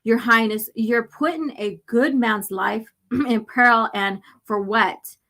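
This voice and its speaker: A woman's voice: on the high side, slow, vocal fry, fairly bright tone, heavily acted. Lady doing a sneering officer guy, pretty scornful.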